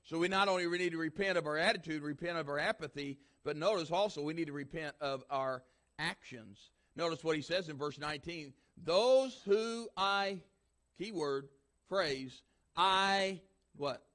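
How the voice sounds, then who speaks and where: A man's voice: on the high side, fairly quick, fairly bright tone. A man preaching a sermon as pastor, emphatic and repetitive, building force through repeated lines.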